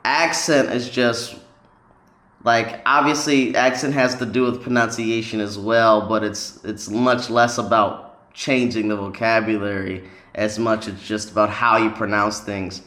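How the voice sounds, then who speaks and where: A man's voice: fairly low pitch, fairly even intonation, measured pace, fairly bright tone, echoey room. A man talking casually to camera about learning languages, rambling with many ums and restarts. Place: lives in a city in northern China.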